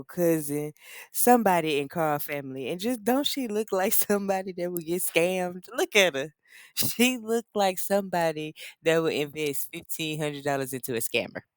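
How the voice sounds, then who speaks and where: A woman's voice: low voice, dry recording, studio quality. A woman recapping a reality TV show in a casual, slangy, gossipy way. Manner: slangy, gossipy, animated storytelling.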